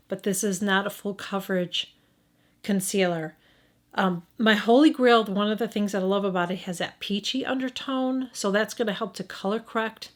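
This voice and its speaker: A middle-aged woman with a Midwestern accent giving a casual makeup review, thinking aloud and often restarting her sentences. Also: medium pitch. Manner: thinking aloud, hesitant, frequent restarts and self-corrections. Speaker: beauty vlogger.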